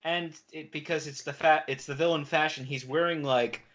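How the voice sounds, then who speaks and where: A man co-hosts a podcast, chatting casually as he recaps episodes and animatedly performs the characters' lines. His voice sits a little high, and he talks at a normal speed.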